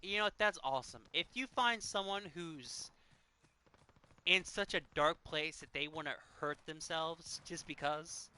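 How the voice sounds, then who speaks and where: A man's voice: fairly high pitch, a little slow, sharp tone, smooth. A man in his thirties, a game streamer talking earnestly and emotionally, choked up and sighing often. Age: 30s. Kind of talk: casual chat while gaming.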